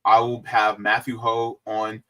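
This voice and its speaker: A man's voice: on the low side, monotone, a little slow, pushed and bright. A man hosting a casual livestream, talking to viewers in a loose, rambling way with plenty of fillers. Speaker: livestream host.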